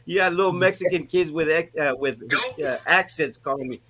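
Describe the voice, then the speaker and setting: Bright-voiced man telling stories. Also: on the high side, fairly quick, a little hiss or hum. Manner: storytelling, good-humored, hesitant fillers. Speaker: guest, teacher and retired soldier. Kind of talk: casual video-call chat. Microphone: video call.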